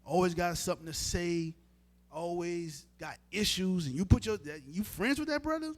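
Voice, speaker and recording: A man with a high, animated voice preaches street-style at a normal speed. He talks directly to the crowd in an informal and emphatic way.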